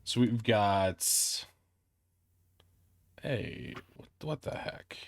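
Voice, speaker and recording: A man's voice: lowish voice, big pitch swings, very slow, creaky, breathy edge. A man hosting a tabletop game night, chatting casually in a rambling, self-mocking way that often trails off. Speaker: game host.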